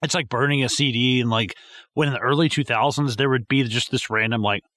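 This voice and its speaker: A man co-hosting a podcast, chatting animatedly about a movie, mocking characters with quick impressions and swearing freely. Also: mid-range voice, fairly bright tone, no echo, clean studio sound. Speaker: podcast co-host. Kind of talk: casual movie commentary chat.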